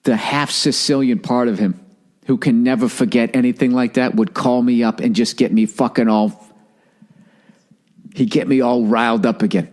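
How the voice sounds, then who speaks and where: Male podcast host, mid-pitched, swears a lot while ranting through a funny story at his own expense. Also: steady tone, normal speed, darkish tone. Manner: profane, ranting, self-mocking. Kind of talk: comedic storytelling monologue.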